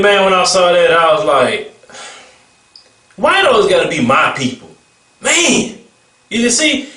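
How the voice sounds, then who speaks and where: A man's voice: on the high side, fairly bright tone, echoey room, far from the mic. A man giving a casual vlog commentary rant, mocking and blunt, laughing between remarks. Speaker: vlogger.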